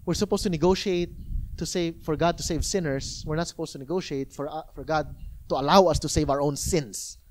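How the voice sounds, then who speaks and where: Male pastor, high-voiced, animated conversational preaching. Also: brisk. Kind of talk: sermon. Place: church.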